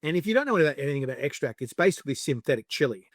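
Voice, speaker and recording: A man's voice: mid-range voice, very animated, racing, no echo, studio quality. An Australian man chatting casually as a podcast guest, telling stories with lots of fillers. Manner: chatty, storytelling, lots of fillers and acted quotes. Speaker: podcast guest, spicy food show creator. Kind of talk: casual interview chat.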